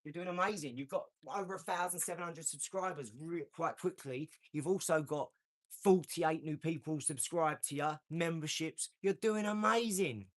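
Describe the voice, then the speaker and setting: A man's voice: on the high side, normal speed, dry recording. A man hosting a casual live stream, giving motivational talk with emphatic, repeated phrases. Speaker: livestream host. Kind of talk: casual motivational livestream chat.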